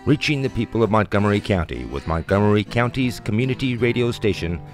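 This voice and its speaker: A man reading a scripted radio station promo as announcer, in a smooth promotional delivery. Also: lowish voice, animated, fast, soft background music.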